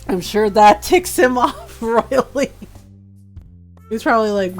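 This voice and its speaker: Slow-talking, giggly woman streamer. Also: a little high, faint music behind. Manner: chatty, giggly, playful. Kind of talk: casual gameplay commentary.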